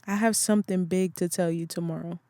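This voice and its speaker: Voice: medium pitch, steady tone, fairly quick, mellow, no room sound, natural voice. A reader voicing an earnest young woman in an audiobook who asks questions with eager feeling. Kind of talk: audiobook character voice.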